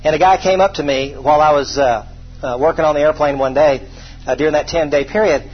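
Quick and slightly high, with a breathy edge, a preacher's voice comes through dull audio as he spins folksy stories. He's self-deprecating and keeps tossing rhetorical questions to his congregation.

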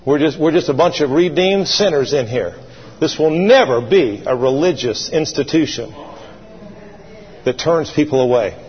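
A man's voice: on the high side, expressive, normal speed. A male pastor preaching a sermon, building to fervent calls for his congregation to repeat after him. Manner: preachy, rising to fervent calls and call-and-response. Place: church sanctuary. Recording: dull lo-fi sound in a long-reverb hall.

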